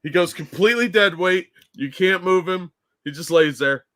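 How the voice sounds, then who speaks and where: A man co-hosting a casual podcast, telling animated anecdotes and swearing freely. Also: high voice, moderate pace. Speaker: podcast co-host. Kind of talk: casual chat.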